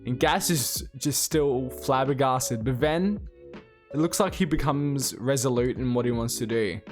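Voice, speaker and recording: A man casually recapping a comic chapter, excitable, reading out the characters' lines as he goes. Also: mid-range voice, unhurried, soft background music. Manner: excitable, retells the plot while reading out the dialogue. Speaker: manga reviewer.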